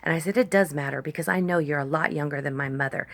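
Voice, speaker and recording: A woman's voice: deep voice, quick pace, fairly bright tone, no echo. A woman vlogger telling a rambling, chatty story to her phone camera, stopping now and then to talk to her dogs. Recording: faint background noise.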